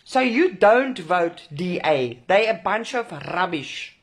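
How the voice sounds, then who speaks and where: A woman's voice: on the low side, lively intonation, slow pace, husky. Furious woman ranting. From South Africa. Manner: furious, swearing, emphatic repetition. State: emotionally shaken. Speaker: protest organiser. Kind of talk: angry direct-to-camera rant.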